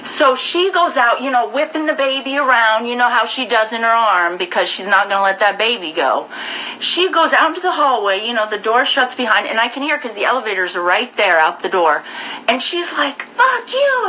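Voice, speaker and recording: Bright, blunt-talking woman streamer. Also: on the high side, slight background noise, poor audio. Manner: blunt, profane, animated retelling. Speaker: live-stream host. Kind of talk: casual storytelling to viewers.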